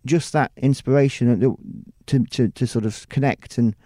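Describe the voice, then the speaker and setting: Rambling middle-aged British man, mellow voice. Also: medium pitch, fairly even intonation, measured pace, no room sound, clean studio sound. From United Kingdom. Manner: rambling, many restarts and "you know"s. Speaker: TV presenter and producer. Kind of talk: casual interview talk.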